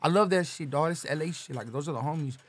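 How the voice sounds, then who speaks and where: A young man from Los Angeles, talking casually as a podcast guest, swearing and slangy, reeling off shout-outs. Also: fairly high pitch, quick pace, breathy edge.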